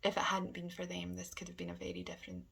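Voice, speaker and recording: A woman talking candidly in a personal vlog, hesitant and halting, often sinking to a soft near-whisper. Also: on the low side, sing-song, gravelly, husky. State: emotional. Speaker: vlogger.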